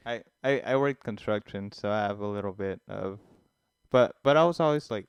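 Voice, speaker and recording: A young man in casual podcast chat, relaxed and joking between his friend's stories. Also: medium pitch, a little fast, clean tone, dry recording, studio quality. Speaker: podcast co-host. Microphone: close podcast mic.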